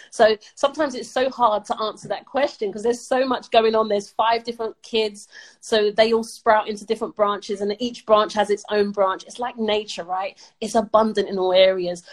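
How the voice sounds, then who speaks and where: A middle-aged woman from the UK speaks as a podcast guest, upbeat and emphatic. Her voice sits a little high, and she laughs easily as she talks. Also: poor audio. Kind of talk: motivational interview talk.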